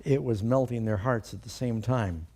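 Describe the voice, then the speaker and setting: A man's voice: medium pitch, normal speed, dark tone. A male pastor preaching a sermon, emphatic and putting rhetorical questions to his congregation.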